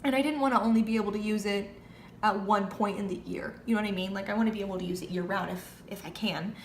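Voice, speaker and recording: A woman's voice: medium pitch, fairly even intonation, fast. A young woman beauty vlogger in casual chat, rambling through stories with lots of fillers. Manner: chatty, rambling storytelling with many fillers. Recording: echoey room with faint background hiss.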